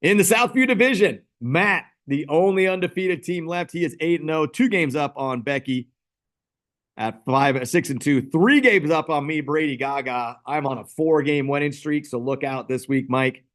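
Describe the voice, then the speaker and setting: A man's voice: fairly high pitch, moderate pace, fairly bright tone. A man hosting a casual fantasy football league recap, rambling and self-deprecating.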